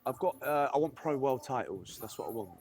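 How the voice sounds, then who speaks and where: A man's voice: medium pitch, animated, brisk, a little mellow. A young man, a fighter guesting on a podcast, talking casually and often asking "do you know what I mean". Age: young adult. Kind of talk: casual interview chat.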